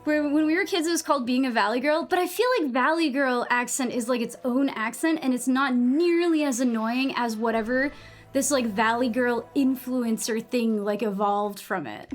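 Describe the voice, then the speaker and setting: A woman's voice: high-pitched, normal speed, soft background music. A young woman with a New England accent chatting casually while gaming on a live stream, rambling, saying "like" a lot and swearing freely.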